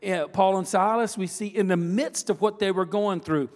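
Preaching a sermon, a pastor shares a personal story conversationally, full of asides and repeated phrases. His voice is high and a little mellow at a normal speed, and the long reverb of a large hall surrounds it.

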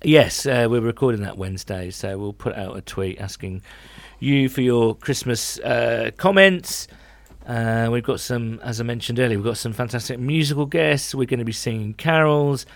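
A man's voice: medium pitch, normal speed, vocal fry, no room sound. A man co-hosting a podcast, chatting and teasing his co-host in casual banter.

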